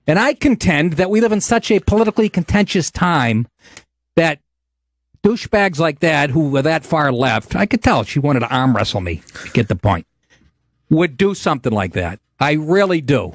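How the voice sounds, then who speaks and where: A man's voice: on the high side, big pitch swings, moderate pace, dry recording, studio quality. A man hosting a podcast, ranting in a profane, blustering way. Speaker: podcast host. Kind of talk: casual ranting talk show.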